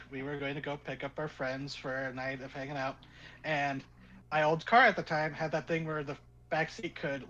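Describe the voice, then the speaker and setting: A man's voice: fairly high pitch, dull audio. A man narrating as game master of a tabletop game, telling a rambling story full of "like" and acted-out quotes. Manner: rambling, animated storyteller with frequent "like".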